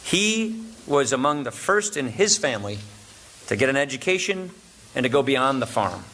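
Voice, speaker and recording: Bright-voiced man giving a joking luncheon speech. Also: mid-range voice, big pitch swings, moderate pace, a little hiss or hum. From Wisconsin, USA. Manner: joking, chuckles at his own punchlines. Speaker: speaker at a political luncheon. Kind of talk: formal after-lunch speech.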